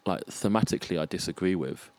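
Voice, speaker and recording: A man, a freelance arts producer, talking in a relaxed, reflective way as a guest in a casual conversation. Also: low-pitched, quick pace, dry recording. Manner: reflective, restarts and lists ideas, animated about music.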